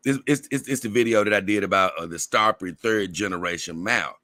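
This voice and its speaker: A man with a Southern drawl hosts a casual livestream and answers his viewers' comments. His voice sits low but sounds bright and forward, recorded close and dry. He rambles and repeats himself in an easygoing way. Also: brisk, dry recording. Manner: rambling, repeats words, laughs often. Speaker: livestream host.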